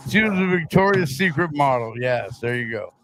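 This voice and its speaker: A man's voice: a little high, lively intonation, a little fast, fairly bright tone, slight background noise, poor audio. Blunt crude podcast man. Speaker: podcast co-host. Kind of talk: casual chat.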